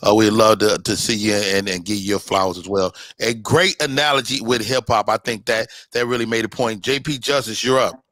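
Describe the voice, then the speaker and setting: A man's voice: fairly low pitch, fairly even intonation, brisk, a bit bright, dry recording. A man hosting a panel, upbeat and directing who gets to speak. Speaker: host. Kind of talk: moderating a panel talk.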